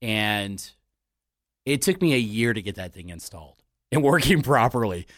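A man's voice: lowish voice, lively intonation, normal speed, no echo. A man with a Western Kentucky accent, a radio DJ guest telling his career story in an easygoing, self-deprecating way in a studio. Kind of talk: casual chat.

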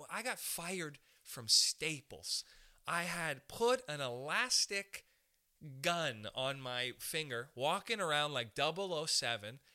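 A man's voice: on the high side, clear, resonant tone. A young man doing a rambling, profane stand-up style monologue. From Canada. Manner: profane, rambling, animated asides.

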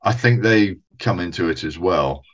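A man with a fairly low voice talks through old television credits one by one, steady and methodical. The recording sounds dull and lo-fi, as if the top end has been shaved off. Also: normal speed. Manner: methodical, reads out credits and dates. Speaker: podcast co-host. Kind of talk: casual chat about old TV.

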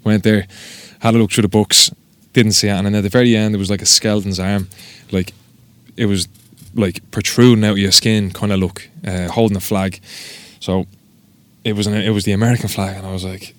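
Dublin tattoo artist, lowish voice, dry close studio sound, swears freely, animated anecdotes. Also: male voice, brisk, no room sound. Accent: Dublin Irish. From Ireland. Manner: sweary, animated storyteller acting out quotes. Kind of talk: casual podcast chat.

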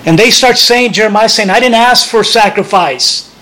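Higher-voiced man talking casually. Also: moderate pace, sharp tone, poor audio. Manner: conversational, frequent restarts and tag questions. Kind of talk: casual talk reading aloud from a book.

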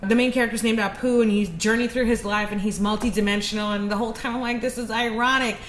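A woman steering a casual panel discussion in a quick, emphatic way. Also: a little high, fairly even intonation. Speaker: podcast panelist. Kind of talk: casual chat. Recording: echoey room, faint background noise.

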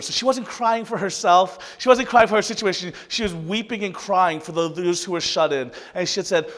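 Male pastor, high voice, earnest and emotional sermon, long hall reverb. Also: fairly quick, hardly any pauses. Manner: impassioned, swings from loud to hushed.

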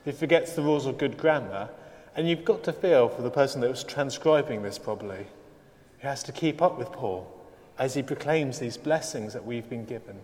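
Male preacher, sermon delivery, dry humour, emphatic build-ups, mid-pitched, long hall reverb. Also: normal speed, a little mellow. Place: church service.

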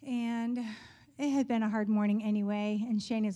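A woman telling a personal faith story in a church talk, earnest and quick to laugh, dropping to a hushed voice when she prays. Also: on the high side, steady tone, big-room sound, lo-fi sound. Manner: earnest, laughs often, drops to a soft hush in prayer. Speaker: speaker sharing a testimony.

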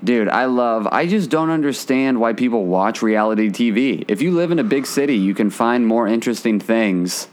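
A man's voice: medium pitch, moderate pace, few pauses. A man casually telling a funny story in a chat with a friend, swearing and acting out what people said. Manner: animated storyteller, swearing, acts out quotes.

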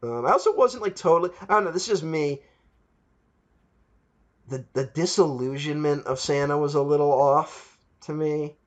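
A man's voice: on the high side, normal speed, dull audio. Chatty man acting out movie scenes. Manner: rambling, chuckling, acts out quotes. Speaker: podcast co-host. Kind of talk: casual film review chat.

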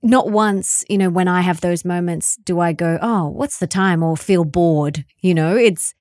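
This is a woman with a fairly low voice, hosting a podcast interview. She talks in a warm, enthusiastic, heartfelt way, recorded close and dry. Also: steady tone, unhurried, no echo. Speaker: podcast host.

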